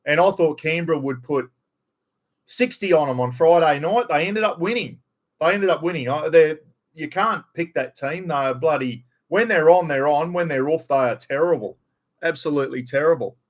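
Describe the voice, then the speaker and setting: A man's voice: fairly high pitch, moderate pace. A middle-aged man with a broad North Queensland Australian accent, rambling bluntly and swearing freely during a casual live stream chat.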